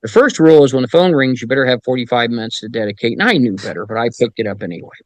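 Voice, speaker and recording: A man's voice: medium pitch, rapid-fire, no room sound, low-quality recording. A middle-aged man and paranormal investigator, guesting on a podcast and telling wry anecdotes in a casual way, with some mild swearing. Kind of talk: casual storytelling.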